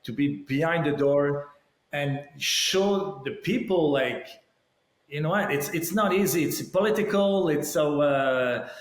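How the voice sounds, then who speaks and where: A man's voice: on the high side, unhurried. A man from Montreal with a French Canadian accent, a podcast guest telling stories in a casual chat and acting out the quoted dialogue. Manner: animated, acts out quoted dialogue. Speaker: podcast guest, former hockey player. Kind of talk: casual storytelling. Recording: roomy echo.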